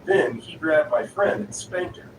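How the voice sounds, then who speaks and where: A man's voice: on the high side, expressive, measured pace. A man reading stories aloud in a plain storytelling delivery. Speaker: story narrator. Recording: roomy, distant, noisy.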